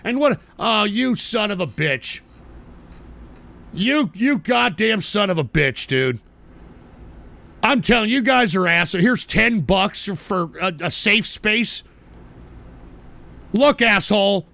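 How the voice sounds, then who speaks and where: A man hosting a live-streamed political talk show, cursing and ranting at chat trolls, jumping between shouts and low grumbles. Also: animated, slow pace, creaky.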